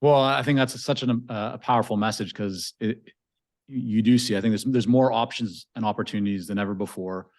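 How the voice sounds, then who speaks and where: Podcast host guy, lowish voice, asks long wandering questions. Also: steady tone, a little fast. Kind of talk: interview questions.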